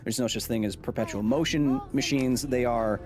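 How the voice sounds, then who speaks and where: A man's voice: medium pitch, normal speed, darkish tone, soft background music. A man in his thirties explaining science casually while streaming a video game, reading and answering viewer comments aloud. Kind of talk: live gaming stream commentary.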